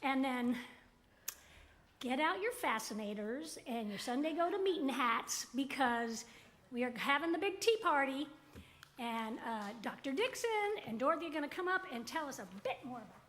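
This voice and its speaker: High pitched woman doing the sunday announcements, chatty, cracks jokes. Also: expressive, moderate pace, fairly bright tone, a little hiss or hum. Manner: upbeat and joking. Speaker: announcements presenter at a spiritual center. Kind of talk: casual church announcements.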